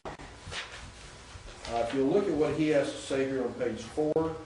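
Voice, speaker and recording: A man's voice: medium pitch, unhurried, dark tone. A man lectures to a class, explaining each rule step by step and stopping to quiz his students. He stands well away from the microphone in a hard, very echoey classroom. A faint hiss of room noise sits under his voice. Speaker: Greek teacher. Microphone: far from the mic. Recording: very echoey distant classroom recording.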